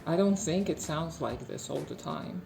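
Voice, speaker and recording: A woman speaking slowly, softly and in a measured way, reflecting calmly in a personal video monologue. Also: sits low, gravelly, roomy sound, over music. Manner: slow, soft, faint and measured. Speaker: video essayist.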